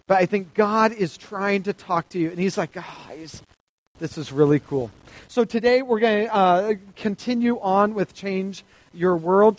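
A man's voice: high-pitched, dry recording. A man preaching to teenagers in a casual youth sermon, chatty, acting out quotes and quizzing the crowd. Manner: chatty, acts out quotes, asks the crowd questions. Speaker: youth pastor.

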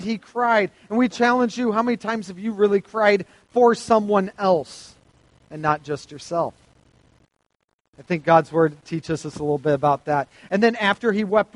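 There's no room sound around this high male voice. It belongs to a youth pastor giving teenagers an informal sermon, talking conversationally, dramatizing quotes, and asking the crowd questions.

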